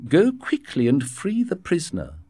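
A man reading a storybook voices a worried wealthy nobleman, speaking higher and fretfully. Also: wildly swooping pitch, moderate pace, mellow, husky, no echo, exaggerated voice. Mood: urgent.

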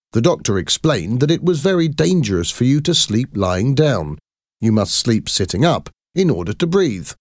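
A man's voice: mid-range voice, no echo, studio quality, voice pushed up. A man voicing a proud, helpful Victorian engineer explaining eagerly.

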